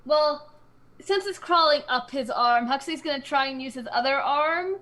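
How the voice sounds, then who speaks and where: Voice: high voice, normal speed, pushed and bright. A player in a tabletop game, musing aloud over her character's moves and laughing easily.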